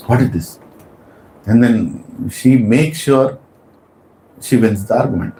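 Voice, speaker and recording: Man, sermon, animated storyteller, mid pitch, roomy temple hall. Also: slow pace, pauses often. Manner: animated storytelling, chatty asides. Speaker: preacher.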